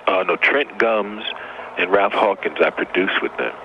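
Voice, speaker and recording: Deep-voiced, laid-back man on a muffled line. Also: moderate pace, noisy background. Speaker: interview guest. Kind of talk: casual interview chat.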